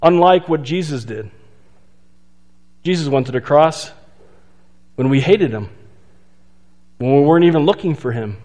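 A man's voice: on the high side, animated, a little mellow. Man preaching in a reverberant hall. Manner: conversational preaching, rhetorical questions, slows for emphasis. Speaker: pastor. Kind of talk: sermon.

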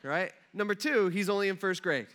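A man in his thirties preaching like he's chatting with friends, his voice pitched high and bright. He tells stories with animated energy, acting out the people in them and peppering his talk with casual fillers. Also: fairly quick. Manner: animated storyteller, acts out quotes, many fillers like "like". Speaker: pastor. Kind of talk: casual conversational sermon.

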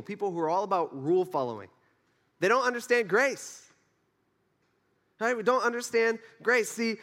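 A man's voice: high-pitched, fairly bright tone, in a large hall. A male pastor giving a conversational sermon, acting out the characters' lines as he goes.

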